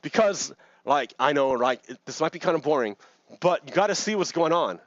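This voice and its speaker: A man with a fairly high voice talks loosely over news footage, restarting phrases and chuckling as he goes. The recording is dry and a little muffled, like a cheap home mic. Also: expressive, fairly quick, no room sound. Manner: rambling, repeats words, laughs between points. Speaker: video commentator. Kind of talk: casual commentary on news clips.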